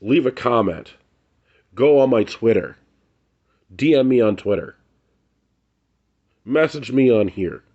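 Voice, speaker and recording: A man's voice: mid-range voice, lively intonation, slow pace, pauses often, dark tone, dull audio. A man ranting to camera in a vlog, angry and blunt, swearing and repeating phrases for emphasis. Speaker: vlogger. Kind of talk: heated ranting commentary to camera.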